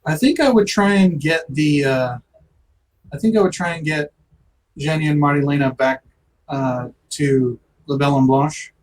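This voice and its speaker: A man's voice: on the high side, normal speed, distant mic, slight background noise, low-quality recording. A man playing in a tabletop game, chatting casually and rambling over a voice call. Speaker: player.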